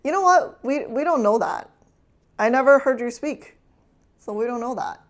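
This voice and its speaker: Chatty higher-voiced woman streamer. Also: animated, normal speed. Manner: chatty, teasing, laughs often. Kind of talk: casual cooking stream chat.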